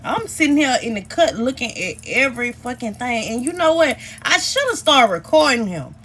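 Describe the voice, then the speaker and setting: A woman's voice: on the high side, normal speed, husky. A young woman vlogger telling a personal story in a casual, profane rant that speaks straight to her viewers. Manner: animated, profane, addresses viewers directly.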